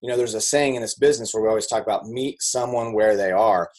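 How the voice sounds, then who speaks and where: A man's voice: fast talker, darkish tone. Casual man giving a motivational talk. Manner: casual, conversational, with many fillers and repeated words; acts out quoted people with jumps in pitch. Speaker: speaker on network marketing.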